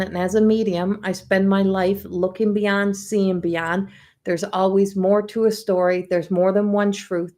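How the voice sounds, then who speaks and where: A middle-aged woman with a Newfoundland accent talks in a loose, chatty way on a livestream. Her thoughts wander and restart, and her pitch sits in a middle range. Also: warm tone. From Newfoundland, Canada. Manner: chatty, meandering, many restarts and laughs. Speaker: psychic medium hosting a livestream. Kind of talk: casual rambling livestream talk.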